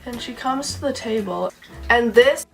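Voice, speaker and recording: A woman's voice: fairly high pitch, unhurried, soft background music. A young woman telling a personal story in a casual, emotional way, packing her sentences with "like.". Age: young adult. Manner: says "like" constantly, chatty and emotional. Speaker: vlogger.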